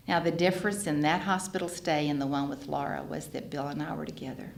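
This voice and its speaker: A woman's voice: sits low, brisk, creaky. A woman, speaking at a recovery fellowship gathering and telling her own story, acting out the voices of the people in it. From Texas. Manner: lively storyteller who acts out quoted dialogue. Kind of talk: personal storytelling talk. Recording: roomy hall recording with faint background noise.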